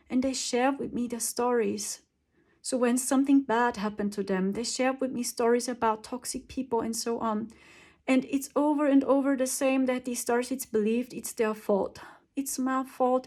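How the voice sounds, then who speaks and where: A woman's voice: high-pitched, warm tone. Emphatic woman talking spiritual advice. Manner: emphatic, repeats words for stress, laughs often. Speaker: spiritual channel host. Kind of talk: casual spiritual talk to camera.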